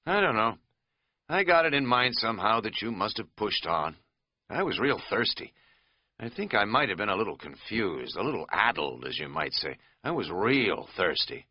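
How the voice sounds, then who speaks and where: A man's voice: on the low side, big pitch swings, moderate pace, no echo, dull audio. A man voicing a rambling, folksy middle-aged American man who talks in a chatty, self-mocking drawl.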